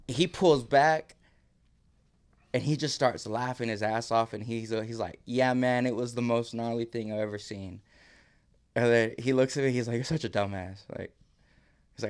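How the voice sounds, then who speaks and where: A man's voice: medium pitch, fairly even intonation, moderate pace, long pauses, clean tone. A man, a podcast guest, telling a story casually, acting out quotes and laughing often.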